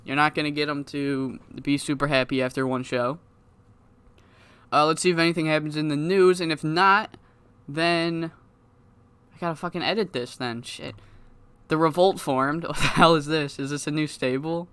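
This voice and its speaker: A man talking through his playthrough in a smooth, clean voice. The sound is close and dry, with no room around it. His delivery is casual and rambling, with plenty of swearing. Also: on the high side, steady tone, normal speed, fairly bright tone, no echo. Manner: loose, rambling, profane, laughs at himself. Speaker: gaming YouTuber. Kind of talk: casual game commentary.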